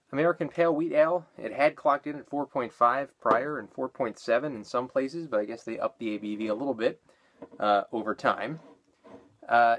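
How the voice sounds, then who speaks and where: Rambling, breathless man reviewing a beer. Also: mid-range voice. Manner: rambling, with many fillers and self-corrections. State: out of breath after exercise.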